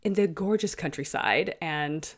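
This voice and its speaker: A woman's voice: low voice, measured pace. A woman co-hosting a podcast, chatting casually and enthusiastically about a novel. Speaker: podcast co-host. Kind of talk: casual literary podcast chat.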